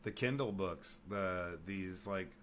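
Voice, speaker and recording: A man's voice: low voice, slow pace, a bit bright, slight background noise. A man hosting a podcast in casual chat, laid-back and swearing freely, often trailing off mid-sentence. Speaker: podcast host.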